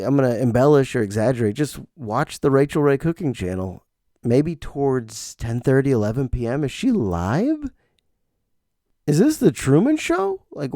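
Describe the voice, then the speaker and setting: A man's voice: medium pitch, mellow, dry recording, studio quality. A middle-aged man hosting a podcast in a rambling, self-deprecating comedic monologue. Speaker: podcast host.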